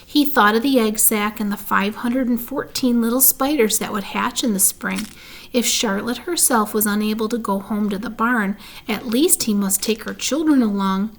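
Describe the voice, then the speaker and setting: A woman narrating a children's storybook in a clear, measured way. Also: fairly high pitch. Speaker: reader. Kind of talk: storybook reading.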